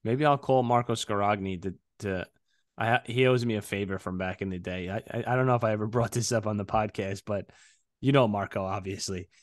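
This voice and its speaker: A man co-hosting a podcast, telling a story in casual, profane, animated chat. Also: lowish voice, a little fast, dry recording, clean studio sound. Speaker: podcast co-host. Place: podcast studio.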